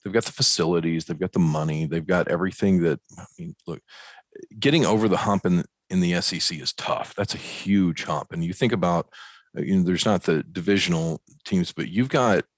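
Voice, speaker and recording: A deep-voiced man from Arkansas chats about baseball as a podcast co-host. He is folksy and animated and fills his talk with ums and asides. The sound is dry and close. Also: brisk, no echo. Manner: folksy, animated, joking analysis with many fillers. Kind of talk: casual sports talk. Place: ballpark.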